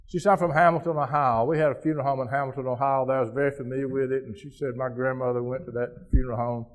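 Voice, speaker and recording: Folksy man telling a story on stage. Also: mid-range voice. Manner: folksy, conversational storytelling with many restarts. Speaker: keynote speaker. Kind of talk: storytelling keynote speech.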